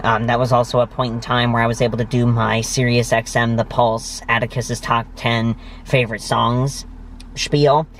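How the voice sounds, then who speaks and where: An enthusiastic male vlog host tells his stories straight to the camera in a casual, effusive way. His voice sits at an ordinary middle pitch, and he piles on words of praise. A faint hiss of noise sits under the voice. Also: flat delivery, normal speed, a bit bright.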